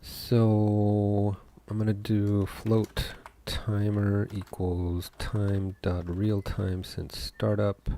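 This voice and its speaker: A man, a game developer, talking through his code as he works, thinking aloud with pauses and fillers. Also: lowish voice, completely flat delivery, warm tone, slight background noise. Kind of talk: live coding commentary.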